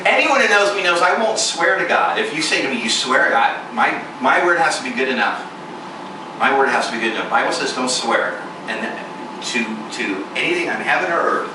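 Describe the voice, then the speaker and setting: A man delivering an animated sermon, acting out both sides of a story in a voice of middling pitch. He is recorded from well back in a strongly echoing room, with steady noise clearly audible underneath. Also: normal speed, distant mic. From United States. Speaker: preacher.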